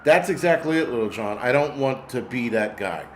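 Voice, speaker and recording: Give me a blunt, profane middle-aged man, rambling through a livestream rant at an average pitch. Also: animated, normal speed, a little hiss or hum. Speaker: livestream host reading viewer chat. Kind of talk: casual ranting livestream.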